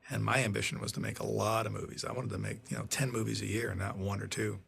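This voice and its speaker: An older male producer rambles through behind-the-scenes anecdotes on a commentary track. His low voice is heavily gravelly, and he often circles back to restart his sentences. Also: lively intonation, fast talker, fairly bright tone. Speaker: film producer. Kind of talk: DVD commentary storytelling.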